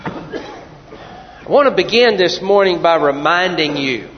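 A man preaching a sermon as pastor, swinging from quiet, low asides to loud, pleading cries. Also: animated, slow pace, big-room sound, lo-fi sound, a little hiss or hum. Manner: preaching with sudden loud cries when voicing people praying.

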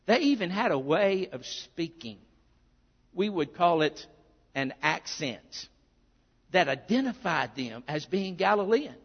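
A male pastor from Arkansas, US, preaches in a high, gravelly voice, earnest and conversational with many asides. He sounds animated and a little slow. The audio is dull and muffled, and a long church-hall reverb trails each word.

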